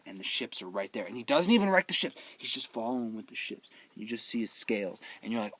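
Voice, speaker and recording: A man recaps a film in a rambling, joking rush, slipping into the characters' voices. His pitch swings widely as he gets worked up. The sound is close and dry, with no room around it. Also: a little fast, no echo. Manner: rambling, excitable, jokey, acts out characters' lines. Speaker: movie reviewer, show host. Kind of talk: comedic movie recap.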